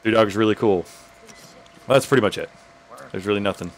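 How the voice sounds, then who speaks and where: A man casually commentating while playing a video game, jokey and thinking out loud. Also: on the low side, a little fast. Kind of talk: let's play commentary.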